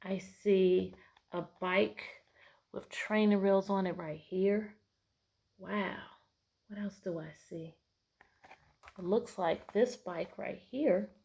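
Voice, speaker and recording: A woman teacher reading a picture book aloud to children, often stopping to ask questions and giving the narration bright storybook emphasis. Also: mid-range voice, steady tone, takes it slowly, creaky, pauses often.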